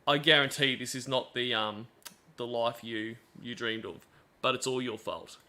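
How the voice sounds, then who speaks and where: A man's voice: medium pitch, normal speed, bright, forceful tone. Sarcastic man hosting a stream. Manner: sarcastic, chatty, many fillers. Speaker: stream host. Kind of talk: live commentary on played calls.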